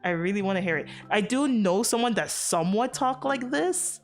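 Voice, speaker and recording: A woman's voice: medium pitch, expressive, moderate pace, soft background music. A woman streamer chatting casually to her viewers, rambling with many fillers and frequent swearing, from outside America. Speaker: VTuber streamer.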